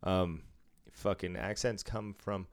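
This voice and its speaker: A man's voice: deep voice, steady tone, slow pace, smooth. A man from Massachusetts with a Boston accent, chatting casually, swearing freely and laughing often. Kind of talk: casual chat.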